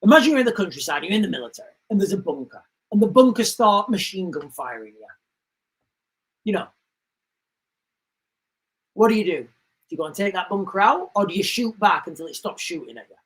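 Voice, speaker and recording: A man's voice: sits high, very animated, a little fast, long pauses, a bit bright, poor audio. A man hosting a livestream, talking in an emphatic, repetitive way and acting out stories with sound effects. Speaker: livestream host. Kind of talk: casual commentary livestream.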